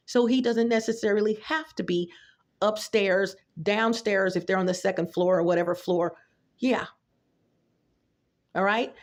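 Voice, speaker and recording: A middle-aged woman giving blunt, profane reaction commentary on a vlog, telling stories straight to her viewers. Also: mid-range voice. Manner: blunt, profane, storytelling, addresses viewers directly. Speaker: YouTube commentator.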